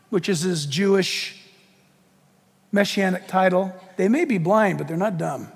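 A man preaching a sermon in an animated, joking way, putting questions to his audience. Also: high voice, moderate pace, husky, in a large hall.

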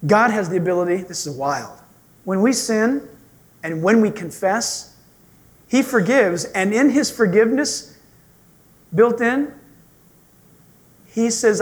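A male pastor preaching in a church sanctuary, in a very high voice that leaps around in pitch. He tells stories with humor and animation. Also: lively intonation, slow pace, long pauses. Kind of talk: sermon.

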